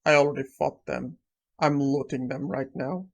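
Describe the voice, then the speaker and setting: A man's voice: medium pitch, fairly even intonation, moderate pace, creaky. A man voicing a cold, arrogant young male necromancer in a storybook-style recap, curt and dismissive.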